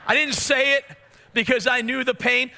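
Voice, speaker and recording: A man's voice: very high voice, normal speed, gravelly, slight background noise. A man in his forties preaching a sermon, telling family stories and asking his listeners questions. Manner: storytelling, animated, asks the congregation questions. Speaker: pastor.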